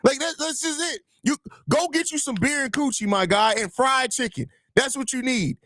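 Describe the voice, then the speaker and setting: Casting: young guy, podcast host, high voice, loose profane banter, dry close mic. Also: normal speed, a bit bright, dry recording. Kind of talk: casual live-stream chat.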